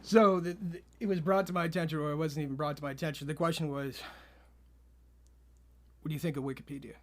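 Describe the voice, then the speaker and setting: A man co-hosting a podcast, telling an absurd story in a deadpan, straight-faced way. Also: a little high, fast talker. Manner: deadpan, spins absurd tall tales with a straight face. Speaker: podcast co-host.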